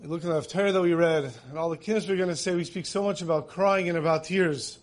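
Male preacher, higher register, casual delivery with rhetorical questions. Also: steady tone, fast. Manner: mixes in many Hebrew terms. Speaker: religious speaker. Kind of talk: sermon.

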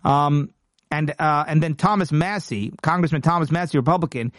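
A man's voice: on the high side, moderate pace, dry recording, clean studio sound. Emphatic male political commentary host. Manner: emphatic and indignant, with frequent restarts.

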